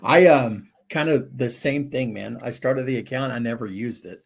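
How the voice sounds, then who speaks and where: A male podcast host with a gravelly, fry-tinged voice at an ordinary middle pitch. He talks in a loose, rambling way, full of "you know" and "um" and false starts. It sounds like an easygoing chat with a friend. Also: moderate pace. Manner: relaxed, rambling, lots of fillers and restarts. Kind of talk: casual conversational chat.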